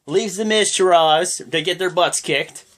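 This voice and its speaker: Young male vlogger, slightly high voice, loose rambling recap delivery packed with slang. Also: a little slow, a bit bright. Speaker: wrestling show reaction vlogger. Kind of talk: casual reaction commentary.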